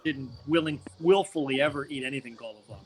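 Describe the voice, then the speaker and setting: A man in casual podcast chat who drops blunt, flat one-liners and half-serious claims. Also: medium pitch, quick pace, noisy background.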